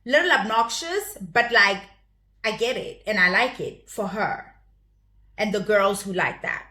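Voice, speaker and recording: A young woman hosts her own channel, giving a chatty, opinionated review of a reality show in a bright, forceful, expressive voice of medium pitch. She talks a little slowly and often repeats words as she restarts. The recording has the echo of a roomy space.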